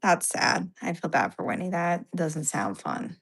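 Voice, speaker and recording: A young woman chatting on a video call, animated and talkative, often retelling what others said. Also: low-pitched, unhurried, vocal fry, slightly rough. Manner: chatty, animated, quotes others in little voices. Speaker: co-host. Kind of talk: casual chat over a video call.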